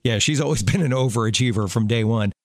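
A man's voice: mid-range voice, quick pace, no echo, studio quality. A middle-aged man co-hosting a show, telling family stories in a chatty way and often restarting his sentences. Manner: chatty storyteller, self-correcting with restarts. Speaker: radio show co-host. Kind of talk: casual chat.

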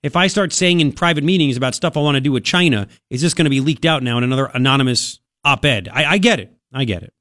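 A man hosting a talk radio show in a studio, delivering an opinionated monologue in a sarcastic, mocking, animated way. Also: medium pitch, fast, few pauses, no echo. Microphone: studio microphone.

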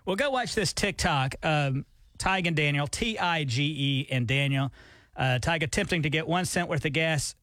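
A male morning radio co-host with a bright, forceful, slightly high voice, teasing his partner in easy banter. The sound is close and dry in the studio. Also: moderate pace, no echo. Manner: teasing, joking. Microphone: studio microphone.

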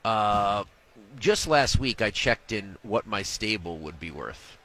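A man's voice: fairly low pitch, lively intonation, gravelly, bright, forceful tone. A man being interviewed as a guest at a live event, telling stories with jokes and acting out what other people said. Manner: quick, jokey, acts out his wife in the story. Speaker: sports business reporter, guest. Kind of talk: animated interview storytelling. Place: radio row booth at a live event.

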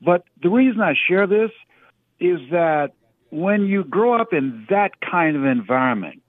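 A man's voice: high-pitched, animated, a little slow, no room sound. A man giving a preacherly motivational talk as a radio guest, stressing his points by repeating words. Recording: tinny phone line.

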